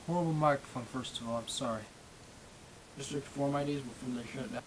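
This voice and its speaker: A man's voice: mid-range voice, fairly quick, pauses often, noisy background. Swearing man with a slight speech impediment. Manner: profane, rambling, self-deprecating. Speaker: Minecraft server staff streamer. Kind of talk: casual live-stream rant. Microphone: webcam microphone.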